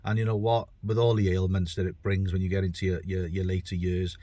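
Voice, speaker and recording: A middle-aged British bricklayer talks through his own podcast in a casual monologue, with a deep, warm voice, a level tone, and a slightly fast pace, recorded without echo. He's chatty, rambling, and self-deprecating, often repeating words as he thinks.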